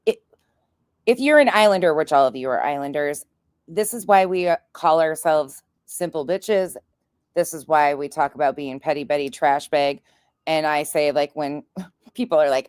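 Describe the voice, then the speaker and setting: A woman with a low voice, recorded dry and close to the mic. She hosts a commentary stream in a casual, crude way, mocking the clips she plays and laughing along. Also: moderate pace, darkish tone, clear, resonant tone, dry recording.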